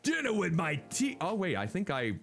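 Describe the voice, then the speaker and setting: Playful guy streaming a game, super animated voice, soft music behind. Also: high voice, normal speed, creaky. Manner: playful, babbles mock game dialogue. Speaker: streamer host. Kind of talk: casual game-stream chat.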